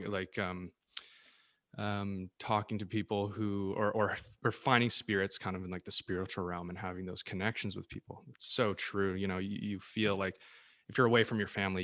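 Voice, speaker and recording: Earnest rambling man with a low voice. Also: fairly bright tone. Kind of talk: casual podcast chat.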